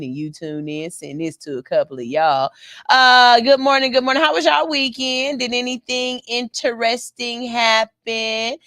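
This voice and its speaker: Bright, brassy woman radio host. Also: fairly high pitch, no room sound, clean studio sound. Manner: loose, playful, cursing banter. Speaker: station engineer. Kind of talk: casual morning radio chat.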